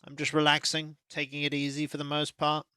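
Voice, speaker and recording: A man, a livestreamer, chatting casually and greeting viewers by name in a relaxed, playfully formal way from his home. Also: a little high, fairly quick, smooth, no echo. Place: home room.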